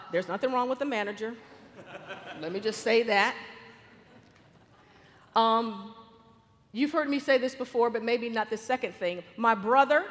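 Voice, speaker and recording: Woman storyteller with a high voice, animated and lively, on faith and family. Recorded with long reverb.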